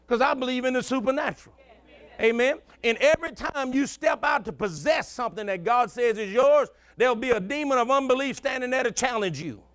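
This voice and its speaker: A man's voice: very high voice, expressive, a little fast, fairly bright tone, no echo. A male pastor, preaching a sermon in a folksy call-and-response style and telling stories from his own life.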